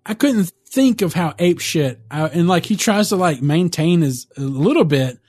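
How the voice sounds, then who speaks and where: Animated, profane man recapping a movie. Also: fairly high pitch, normal speed, dry recording. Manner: animated, profane, laughing storyteller. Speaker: podcast co-host. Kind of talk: casual movie recap chat.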